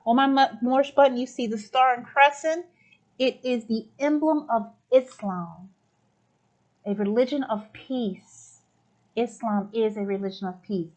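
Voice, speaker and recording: A woman's voice: fairly high pitch, measured pace, a little mellow, highs cut off. A woman from the United States hosting a spiritual talk show, effusive and exclaiming as she affirms her guests. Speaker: podcast host.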